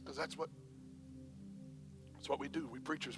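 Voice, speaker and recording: A man preaching a sermon as pastor, swinging between hushed whispers and shouts, with faint music behind. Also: medium pitch, fairly even intonation, fast talker, long pauses, husky. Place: church.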